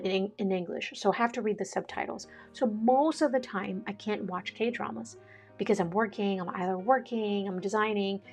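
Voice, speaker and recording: A chatty woman talks casually in a vlog. Her voice sits mid-range and she is excitable, laughing often. Faint music plays behind her. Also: medium pitch. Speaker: vlogger. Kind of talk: casual chat.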